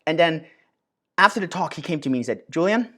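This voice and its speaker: A man in his thirties hosting a casual Q&A and answering viewer questions, animated, with many fillers and restarts. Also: a little high, fast. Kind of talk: casual Q&A monologue.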